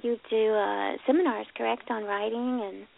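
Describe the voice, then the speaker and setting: A woman's voice: fairly high pitch, fairly even intonation, moderate pace, creaky. A woman co-hosting a radio talk show, chatting casually and laughing as she tells stories. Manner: chatty, laughing, puts on mock British voices. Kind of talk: casual chat. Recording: tinny phone-like line.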